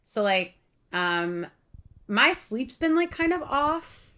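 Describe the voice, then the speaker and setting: Here a young woman with a high, sing-song, fairly bright voice talks slowly while co-hosting a podcast. She rambles through casual conversation, says "like" constantly, and laughs often.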